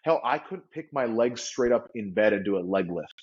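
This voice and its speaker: A man telling a story as an interview guest, animated and vivid, acting out the people he quotes. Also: lowish voice, moderate pace. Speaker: guest entrepreneur. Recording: slightly dull lo-fi audio.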